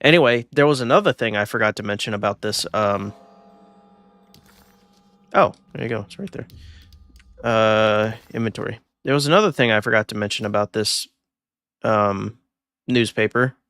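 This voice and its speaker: A man's voice: fairly low pitch, normal speed, long pauses, a bit bright, clean tone, dry recording. Brief: male game streamer, casual rambling commentary, dry close sound. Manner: rambling, thinking aloud with fillers.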